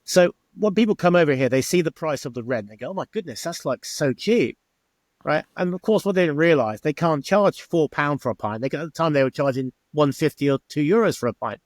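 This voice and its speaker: A man's voice: on the high side, lively intonation, fast talker, few pauses, no echo. A middle-aged man, a former bar owner telling stories in an interview and acting out the exchanges he quotes. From England. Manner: chatty, acts out quoted exchanges. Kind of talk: interview storytelling.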